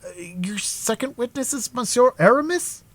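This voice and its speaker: Man doing a high, eager young Gascon swordsman. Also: wildly swooping pitch, moderate pace, husky, heavily acted. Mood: astonished.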